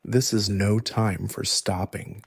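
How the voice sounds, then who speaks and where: A man voicing a clever young woman, a giant's daughter, who calmly instructs the hero, in soft ASMR storytelling. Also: fairly low pitch, slow, gravelly, slightly rough, no echo, heavily acted.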